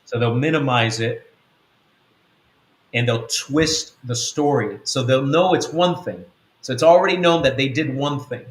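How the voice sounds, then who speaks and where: A man's voice: mid-range voice, a little slow, echoey room. A man giving a spiritual teaching talk as an apostle. He speaks earnestly and repeats his points. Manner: earnest, repetitive, acts out quotes.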